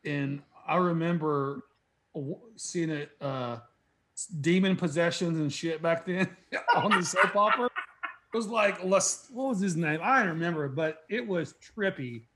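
A man's voice: a little high, measured pace, fairly bright tone, a little hiss or hum. A man hosting a casual chat, laid-back and reminiscing, with casual swearing.

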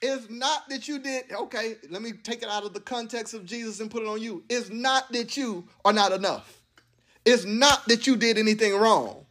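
A man preaching a sermon to a live congregation, animated and playful, mixing slang and laughter into his teaching. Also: very high-pitched, normal speed, a little hiss or hum. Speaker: pastor. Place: church sanctuary with congregation.

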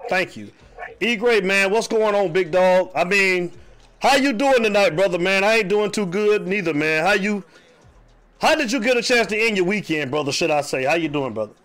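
Male sports talk co-host, high lively voice, easygoing, eggs his partner on. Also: moderate pace, soft background music. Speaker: podcast co-host.

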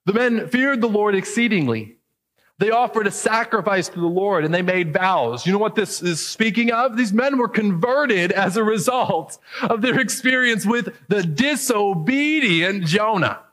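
A man with a high voice preaches through a scripture passage, explaining each verse to his congregation. His voice rings out in a reverberant hall, and he lifts it when he acts out the people in the story. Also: animated, a little slow, a bit bright. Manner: expository preaching, voicing quoted characters with rising emphasis. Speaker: pastor. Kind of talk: sermon.

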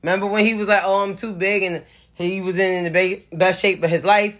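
A woman's voice: fairly low pitch, fairly even intonation, a little fast, a bit bright. A woman talking straight to camera in a loose, casual commentary voice. She is blunt and profane, and she throws sarcastic asides into her opinions. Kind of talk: casual pop-culture commentary.

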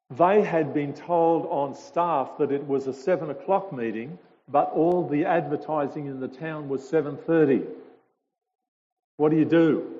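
A man, a visiting speaker telling stories to a congregation in a chatty way with hesitations. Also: a little high. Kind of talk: informal talk to a congregation. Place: church hall. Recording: dull lo-fi sound with a long hall reverb.

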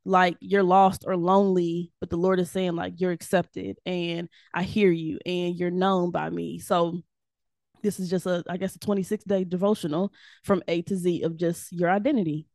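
A woman guest on a faith podcast, chatting casually and telling her story with animated energy and frequent laughs. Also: on the low side, moderate pace, no room sound, studio quality. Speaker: guest, devotional author.

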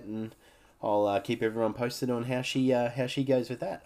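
A man's voice: mid-range voice, steady tone, normal speed, darkish tone. An Australian man in his thirties, hosting his own podcast in a rambling, frank chat that swears freely. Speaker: podcast host. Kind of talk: casual solo podcast chat.

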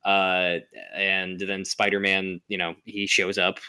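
A man's voice: low voice, completely flat delivery, slow, sharp tone, clear, resonant tone. A man hosting a casual podcast, recapping a film with rambling asides and lots of fillers. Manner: rambling, many fillers, laughs often. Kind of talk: casual chat.

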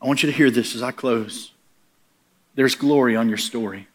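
A middle-aged man preaching a sermon through humorous stories, animated and laughing often, with plain, casual wording. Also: medium pitch, moderate pace.

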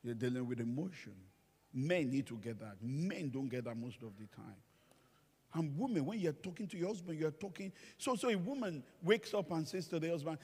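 A male pastor, his voice a little high with a breathy edge, delivers a humorous sermon at a moderate pace. Telling stories animatedly, he performs the voices of those he quotes. The church hall adds the long reverb of a large room.

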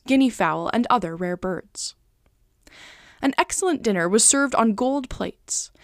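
Woman narrator, storybook reading, somewhat high, lively, dry. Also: dry recording.

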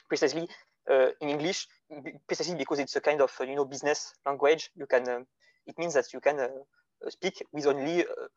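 A man from France with a French accent, speaking English as a second language as a podcast guest in a casual philosophical discussion, halting as he searches for words. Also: a little high, a little mellow, dry recording. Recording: dull lo-fi audio.

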